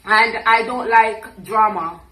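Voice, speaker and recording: A woman speaking calmly and earnestly in an interview clip. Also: fairly high pitch, reverberant, rough recording. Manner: calm, measured, earnest.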